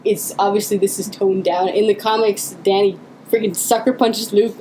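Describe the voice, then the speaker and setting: A woman's voice: mid-range voice, steady tone, normal speed, warm tone, slight background noise, poor audio. Chatty woman with lots of fillers. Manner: chatty, many fillers and restarts, giggly. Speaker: co-host. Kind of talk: casual podcast commentary.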